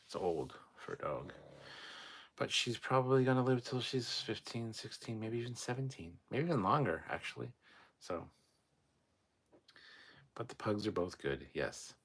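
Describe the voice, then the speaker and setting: A man's voice: big pitch swings, normal speed, long pauses, slightly rough. A sleep-deprived man hosting a casual late-night livestream, reading out chat and rambling in a tired, mumbling way. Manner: tired, rambling, drops to low mutters.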